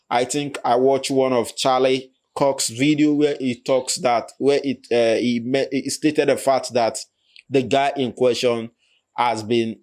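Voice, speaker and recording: A man hosting a channel, giving his measured opinion in reaction commentary. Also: mid-range voice, darkish tone.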